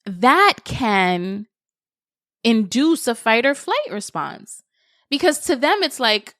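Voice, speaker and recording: A young adult woman hosting a solo podcast, thinking out loud in a conversational, reflective way with lots of casual fillers. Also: fairly high pitch, very animated, takes it slowly, no room sound, studio quality. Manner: reflective, conversational, many "you know" fillers. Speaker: podcast host.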